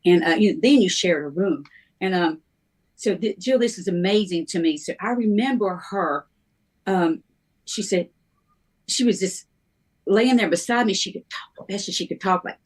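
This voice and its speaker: A middle-aged woman, a minister, telling her life story in a halting, conversational way, with many ums and restarts. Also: on the low side. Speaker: guest minister sharing her testimony.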